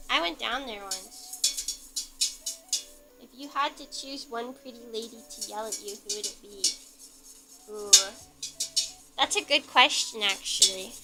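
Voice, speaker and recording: A woman baking on a live stream, talking to her viewers in a playful, bubbly way. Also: high-pitched. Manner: playful and bubbly, chats with viewers while cooking. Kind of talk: casual live-stream chat while baking.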